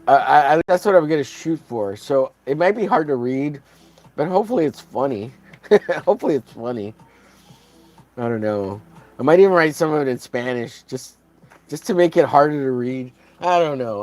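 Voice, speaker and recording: A man's voice: mid-range voice, a little mellow. A man casually chatting on a livestream while coloring a comic, rambling with many fillers and laughing at his own jokes.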